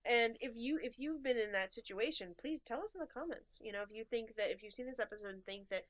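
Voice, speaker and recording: Brief: woman podcast co-host, higher voice, chatty and animated storyteller. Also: quick pace. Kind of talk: casual chat.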